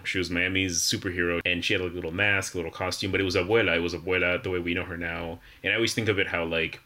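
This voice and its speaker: Low-voiced, bright, chatty man. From Florida. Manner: reminiscing, chatty. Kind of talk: casual podcast conversation.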